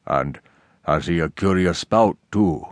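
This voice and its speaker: Pria memerankan pemburu paus bersuara berat. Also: male voice, low voice, takes it slowly, no room sound, clean studio sound, pitched below the performer's own voice. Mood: curious. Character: deep-voiced male harpooner.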